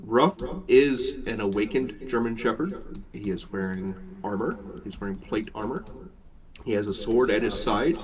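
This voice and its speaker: Slow-talking game master at a convention. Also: male voice, mid-range voice. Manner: measured, descriptive, with fillers. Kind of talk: narrating a tabletop game. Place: convention gaming floor. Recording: noisy convention hall crowd.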